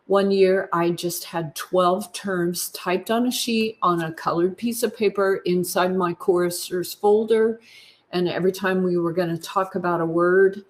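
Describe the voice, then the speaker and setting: A woman in her fifties, a choral music clinician, giving a teaching session at a conference in an unhurried, explaining way. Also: lowish voice.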